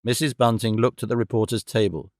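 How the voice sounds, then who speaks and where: A man narrating an audiobook in a steady, even-toned way on a close studio mic. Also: medium pitch, brisk, no room sound. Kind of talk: scripted narration.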